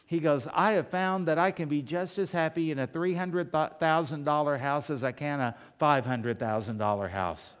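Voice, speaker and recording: A male pastor preaching a sermon, firing off rhetorical questions and swinging between soft asides and loud emphasis. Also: on the high side, normal speed, few pauses, clear, resonant tone, big-room sound.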